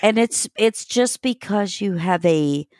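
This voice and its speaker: A woman in casual conversation, listening and agreeing warmly. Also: mid-range voice, expressive, slow pace, background noise.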